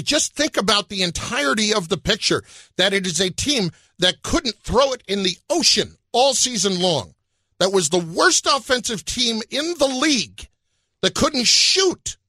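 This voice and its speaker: A man co-hosting a sports talk show, building his case in an animated way. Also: high voice, a little slow, dry recording, studio quality. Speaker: sports radio co-host.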